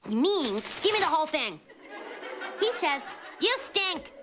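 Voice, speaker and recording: A woman's voice: high voice, sing-song, measured pace, pushed and bright, a faint crowd, a little hiss or hum, heavily acted. A woman voicing a chatty, cheeky young cartoon girl who giggles through her stories. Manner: giggly, bouncy storytelling. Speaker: narrator character. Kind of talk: cartoon monologue to the audience.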